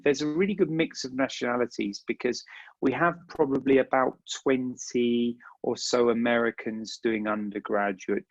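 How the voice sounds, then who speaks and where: A man's voice: mid-range voice, no echo. A man with an English accent giving a casual virtual presentation about a university, chatty and full of ums and uhs. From England. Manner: chatty, repeats words, many filler ums and uhs. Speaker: university recruiter. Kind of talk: virtual info session presentation. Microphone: video call. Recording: dull lo-fi video call audio.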